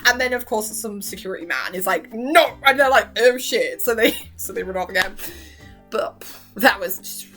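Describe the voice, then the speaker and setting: A woman's voice: mid-range voice, normal speed, bright, forceful tone, faint music behind. Gushing, giggly young woman. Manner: gushing, giggly, lots of fillers and quoted reactions. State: voice worn, partly lost. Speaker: vlogger reviewing a TV series. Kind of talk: excited casual ramble.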